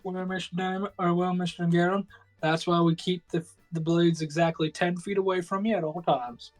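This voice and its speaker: A man's voice: sits high, little pitch movement, normal speed, soft background music, close to an everyday voice. A man doing a folksy orc with a drawl. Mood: joking. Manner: put-on accent drifting from British into Southern drawl. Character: folksy, deferential male orc keeper.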